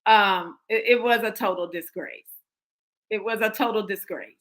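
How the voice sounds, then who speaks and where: A woman's voice: mid-range voice, normal speed, a bit bright, rough recording. An American woman hosting a livestream commentary, talking emphatically to her viewers with frequent restarts. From United States. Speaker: livestream host.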